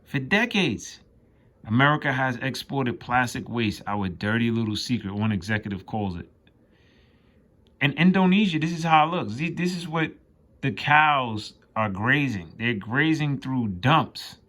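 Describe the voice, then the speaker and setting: A man delivers an informal scripture lesson in a mid-pitched voice. He reads verses aloud, then riffs on them emphatically in rough slang and curses. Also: lively intonation, a little slow, fairly bright tone. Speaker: street preacher.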